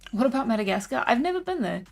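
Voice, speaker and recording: A woman's voice: a little high, fast, gravelly. Chatty laid-back woman streamer. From South Africa. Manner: relaxed, chatty, laughs often, many fillers. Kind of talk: casual live-stream chat while drawing. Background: soft background music.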